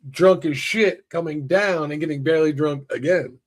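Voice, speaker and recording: A man's voice: fairly high pitch, normal speed. A man co-hosting a stream, rambling and profane, his speech slightly altered by retainers. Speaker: co-host. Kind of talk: casual live-stream chat.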